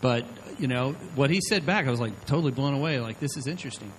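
Quick and expressive in a mid-range voice, a middle-aged man preaches a sermon as pastor, telling stories loosely and regularly asking "okay?". The poor audio carries a faint hiss.

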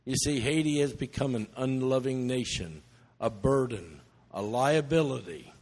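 A man's voice: mid-range voice, unhurried, darkish tone, husky. A middle-aged man preaching a sermon, telling stories earnestly and emotionally, with some restarts. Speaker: missionary preacher. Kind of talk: sermon storytelling. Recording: long church reverb.

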